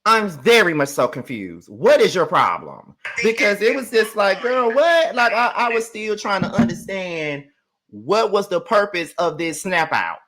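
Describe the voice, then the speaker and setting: Male vlog host, sassy and profane, a bright, forceful voice pitched a bit high. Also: measured pace. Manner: animated, profane, sassy ranting. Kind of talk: casual reality show recap commentary.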